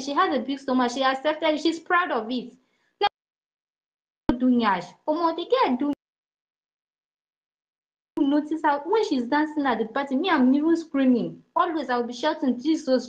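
Brief: high-pitched Nigerian woman, heated opinion rant, hammers each point home. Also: moderate pace, lo-fi sound. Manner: heated, emphatic, repetitive. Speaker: speaker in an online audio chat.

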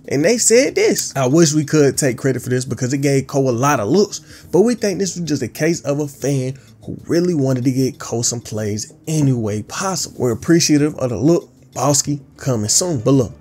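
A man's voice: a little high, darkish tone, slightly rough. A young man narrating a commentary video in a casual, slangy storytelling way. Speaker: YouTube commentary host.

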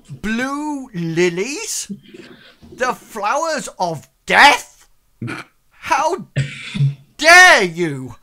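A man putting on a scornful high-voiced noblewoman. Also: heavily acted. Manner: high, loud and indignant. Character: haughty noblewoman, imperious and scornful.

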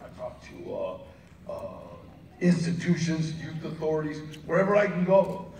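A man's voice: a little high, big pitch swings, normal speed, darkish tone. A man interviewed at a movie premiere, telling stories casually, often laughing and acting out the voices of people he quotes. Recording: roomy, distant mic with crowd noise.

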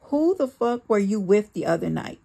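A woman voicing a jealous, volatile, abusive man who swings between shouting rage and pleading. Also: mid-range voice, sing-song, moderate pace, gravelly. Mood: raging.

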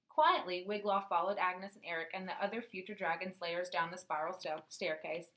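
A woman narrating a children's storybook in a lively, clear reading voice. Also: on the low side, moderate pace, few pauses. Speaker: audiobook narrator.

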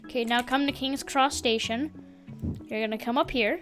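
A woman gamer with a fairly high voice talks her friend through a game, scattered and full of restarts. Faint game music runs under her computer mic, and keys clack now and then. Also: moderate pace, a bit bright. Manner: scattered, restarts with many "wait"s. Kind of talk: casual gameplay chat.

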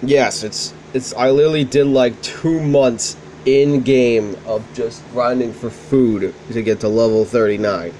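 Excitable man swearing through gameplay. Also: mid-range voice, a little slow, few pauses, slight background noise, rough recording. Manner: excitable, profane, blurting. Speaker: gaming channel host playing the game. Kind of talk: casual gameplay commentary.

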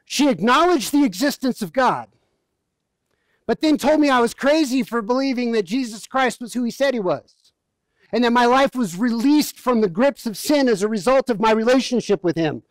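A male pastor delivers a sermon in a relaxed, joking, storytelling manner. His voice sits high for a man. The sound is dry and close, with little room echo. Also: moderate pace. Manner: conversational, humorous storytelling. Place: church.

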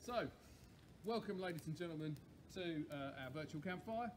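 A man's voice: a little high, expressive, noisy background. A man, a campsite warden, cheerfully hosting a campfire sing-along outdoors. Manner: cheerful, chatty, quick asides.

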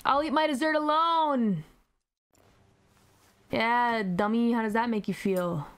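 A woman's voice: fairly high pitch, slow, a bit bright, clean tone. A young woman streamer commenting on a game in a playful, teasing way, laughing often and swearing. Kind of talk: casual gameplay commentary.

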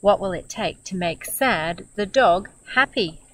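A middle-aged woman with an Australian accent reading a picture book aloud, gently and expressively, pausing to comment on the story. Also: medium pitch. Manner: gentle, expressive, comments warmly between pages. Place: outdoors by a beach. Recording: outdoor ambient noise with insects.

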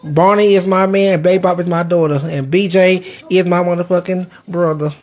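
A woman's voice: lowish voice, fairly even intonation, moderate pace, a little mellow, muffled recording. A woman chatting casually on a live stream from home into a phone, rambling and swearing in a playful way. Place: indoors at home.

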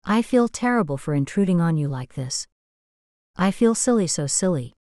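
A young Amish woman on a visit sounds polite and apologetic, voiced by a woman narrator. Her voice sits fairly low and dry, close to the mic. It comes from a storybook read aloud. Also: animated, normal speed, warm tone, no room sound, close to an everyday voice.

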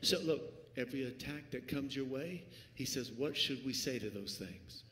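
A man preaching a sermon as pastor, swinging from hushed lines to shouts. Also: medium pitch, moderate pace, a little hiss or hum. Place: church sanctuary. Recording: echoey church hall, faint ambience.

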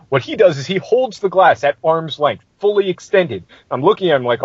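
A man tells a tabletop game story on a podcast, swearing freely and sounding exasperated. His voice is husky and swings widely up and down. It comes through a dry, dull lo-fi mic. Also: fairly high pitch, brisk, hardly any pauses, dry recording. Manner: profane, animated, exasperated. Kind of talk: casual storytelling.

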